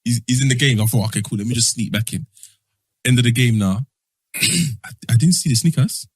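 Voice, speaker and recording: A man's voice: medium pitch, expressive, fairly quick, husky, no room sound. A young man telling a long story on a podcast, acting out his parents' voices. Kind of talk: casual storytelling chat.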